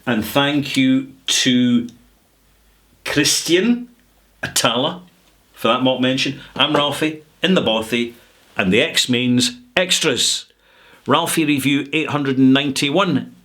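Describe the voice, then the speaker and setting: A middle-aged Scottish man vlogging to camera, talking casually with sarcastic, drawn-out emphasis. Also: medium pitch, sharp tone. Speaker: whisky vlogger.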